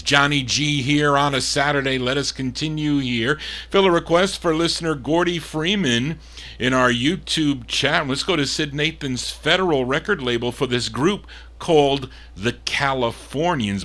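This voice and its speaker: A man's voice: mid-range voice, pushed and bright. A man hosting a record show, chatting casually and correcting himself aloud as he introduces songs. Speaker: radio-style show host and record spinner.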